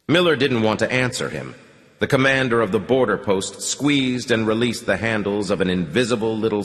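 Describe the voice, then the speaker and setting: A man narrating a novel as an audiobook in a measured, steady storytelling voice. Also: on the low side, long reverb tail.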